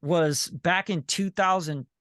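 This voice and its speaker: A man's voice: fairly high pitch, slow, a bit bright, no echo, clean studio sound. A man coaching a member on a video call, blunt, profane and repetitive, often asking "you know what I'm saying". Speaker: sync licensing coach and group leader.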